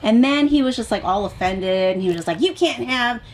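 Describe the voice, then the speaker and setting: A woman's voice: medium pitch, quick pace, slight background noise. A woman, a podcast guest and actor, telling stories in a casual chat and swearing freely. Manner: animated storytelling, swears freely.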